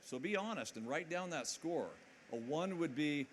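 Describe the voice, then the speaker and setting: A man's voice: a little high, animated, moderate pace, a little hiss or hum. A man giving a motivational conference talk to a live audience in a hall. He talks energetically, jokes and keeps asking the crowd questions. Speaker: conference speaker.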